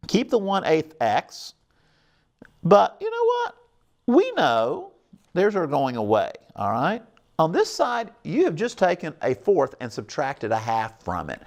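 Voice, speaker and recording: A man's voice: on the high side, wildly swooping pitch, unhurried. A middle-aged man hosting a televised math lesson, upbeat and coaxing, often checking in with his viewers. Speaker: math teacher hosting a call-in show.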